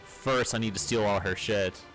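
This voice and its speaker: A low-voiced man streaming a game, thinking out loud and swearing casually as he goes. Faint game music plays underneath. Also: unhurried. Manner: musing aloud, swears casually. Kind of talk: casual gameplay commentary.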